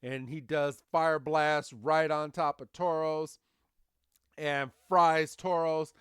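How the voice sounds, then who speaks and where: A man's voice: fairly high pitch, little pitch movement, slow pace, clear, resonant tone, no echo, studio quality. A man co-hosting a podcast, recapping cartoon episodes in casual chat and acting out the characters' lines with plenty of animation. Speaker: podcast co-host.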